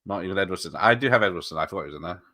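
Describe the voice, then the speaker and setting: Chatty man with bright tone. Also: low-pitched, racing. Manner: chatty, laughs often, answers chat. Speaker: watch party streamer. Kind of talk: casual live commentary.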